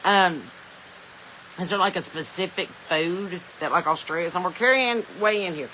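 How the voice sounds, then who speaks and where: Bright chatty Southern woman on a phone. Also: lowish voice, moderate pace, a little hiss or hum, rough recording. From Southern United States. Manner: chatty, rambling, laughs often, reads viewer comments aloud. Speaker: podcast host. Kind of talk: casual live-stream chat. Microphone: smartphone.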